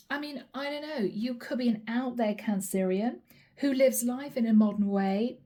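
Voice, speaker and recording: A woman talks through a tarot reading with a fairly high but mellow, soft-edged voice. She keeps laughing as she goes and slips into the other person's words to act out their side. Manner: laughs often while reading, acts out what the other person says. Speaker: tarot reader.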